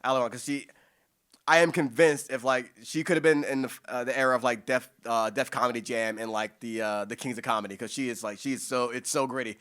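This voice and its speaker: Excitable poet in his forties. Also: mid-range voice, clean tone. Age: 40s. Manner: excited, fast, with many restarts and casual swearing. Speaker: guest poet at a reading. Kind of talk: casual audience Q&A answers.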